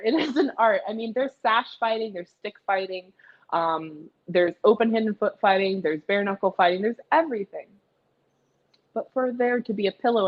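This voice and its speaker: A young adult woman speaks in a casual podcast chat, animated and lively as she acts out what others said. Her voice sits at a middle pitch. The audio is a little dull and lo-fi, as from a remote call. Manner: energetic, animated storytelling with acted-out quotes. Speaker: guest, pillow fighter.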